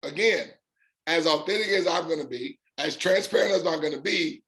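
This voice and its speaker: A man with a fairly high voice talks to his online community in an unscripted live stream. He hammers his points home in short repeated lists and stretches out the words he wants to land. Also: normal speed, a bit bright. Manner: emphatic, repeats phrases in punchy lists. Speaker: host of an online business community.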